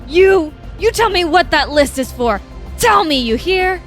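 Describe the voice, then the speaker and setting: An enraged male police officer, put on by a woman reading a game aloud barks his demands in a high, loud voice. He stumbles over his words in anger and talks slowly. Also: expressive, faint music behind. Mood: furious. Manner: shouting, demanding, stammering in anger.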